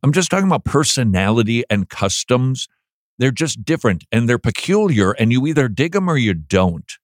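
A man hosting a casual talk show, playful and teasing, with animated asides. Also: mid-range voice, normal speed, no echo, clean studio sound. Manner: playful, mocks flat reading with droning voice. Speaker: podcast host. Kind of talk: casual chat.

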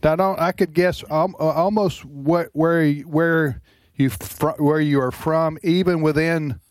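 A man's voice: a little high, steady tone, unhurried, no room sound. Chatty radio host man. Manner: rambling, chatty, self-deprecating. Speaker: radio talk show host. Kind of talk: casual radio chat. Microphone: studio microphone.

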